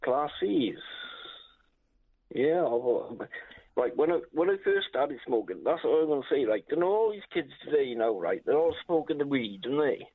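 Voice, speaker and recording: A man's voice: medium pitch, very animated, normal speed, slightly rough, no echo. Tipsy male caller, rambling and hesitant, tinny phone line, dry. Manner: rambling, hesitant, searching for words. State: a bit drunk. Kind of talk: phone-in call.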